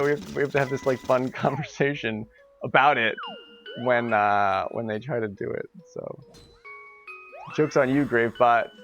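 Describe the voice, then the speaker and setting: A man's voice: medium pitch, vocal fry. Giggly, rambling male game streamer. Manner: chatty, giggly, rambling asides to chat. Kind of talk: casual live-stream chat.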